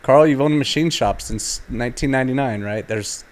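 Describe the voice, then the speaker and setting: A man's voice: medium pitch, a little fast. A man hosting a podcast, chatting in a reflective and encouraging way. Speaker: podcast host. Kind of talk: casual chat.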